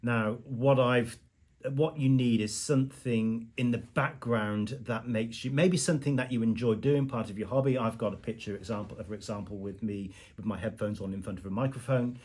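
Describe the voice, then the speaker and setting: A man in his forties in casual podcast chat, talking in a measured way with many ums. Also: mid-range voice, fairly even intonation, a little mellow. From England. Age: 40s. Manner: measured, with frequent ums and fillers.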